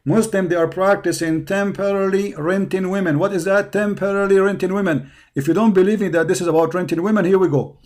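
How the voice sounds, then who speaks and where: A hoarse man hosting a live stream, delivering a combative, mocking rant that taunts his opponents. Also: high-pitched, fairly even intonation, fast, few pauses, darkish tone. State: hoarse from hours of talking.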